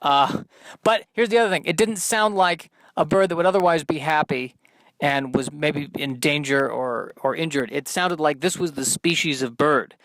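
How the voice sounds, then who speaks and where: A man's voice: on the high side, fairly even intonation, moderate pace, a bit bright, dry recording. A man hosting a solo podcast, rambling in a stream-of-consciousness monologue with self-deprecating humor. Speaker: podcast host.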